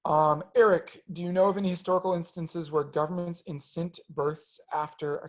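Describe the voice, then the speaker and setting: A man's voice: fairly high pitch, fairly even intonation, normal speed, few pauses. A man answering audience questions in a webinar, hesitant, with many ums and restarts.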